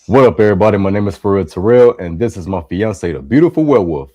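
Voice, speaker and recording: A man's voice: lowish voice, lively intonation, fast, warm tone. A man with a Chicago accent introducing guests on a casual podcast, easygoing and playful, often repeating himself. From Chicago, USA. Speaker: co-host.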